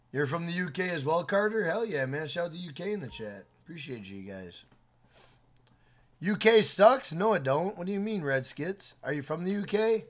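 A man live-streaming a video game, talking loudly to his chat with swearing and shout-outs. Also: a little high, expressive, normal speed.

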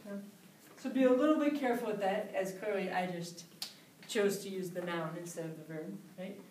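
A woman's voice: mid-range voice, brisk, a little mellow, slight background noise. A woman teaching English vocabulary, patiently repeating example phrases in a class setting. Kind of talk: explaining vocabulary. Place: English conversation class room. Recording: roomy sound from a distant mic.

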